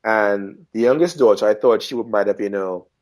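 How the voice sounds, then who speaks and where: A man from Trinidad and Tobago, a podcast guest telling animated travel anecdotes and acting out the people he met. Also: lowish voice, moderate pace. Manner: animated, acts out quoted voices. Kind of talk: casual storytelling chat.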